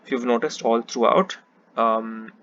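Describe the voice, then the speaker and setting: Slightly muffled audio with faint hiss captures a man tutoring French grammar at a measured pace in a somewhat bright mid-range voice. Patient and methodical, he explains the grammar and repeats each example in French followed by English.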